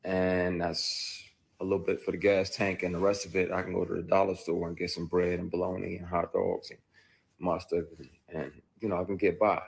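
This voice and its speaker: A man, an actor, speaking candidly about a personal experience, telling it bluntly with frequent cursing and swinging between quiet brooding and loud bursts. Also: sits low, little pitch movement, normal speed, creaky, slight background noise. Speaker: actor recounting his experience.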